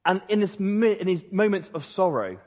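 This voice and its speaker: A man preaching a sermon and telling a story, lively, then dropping to a hushed voice to stress a point. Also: high-pitched, moderate pace. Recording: dull sound with long hall reverb.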